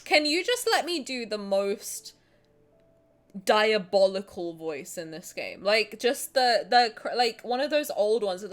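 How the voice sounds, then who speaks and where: A young adult woman streaming, chatting casually and reading game text aloud in an animated, joking way, giggling and swearing. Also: mid-range voice, unhurried. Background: faint game music.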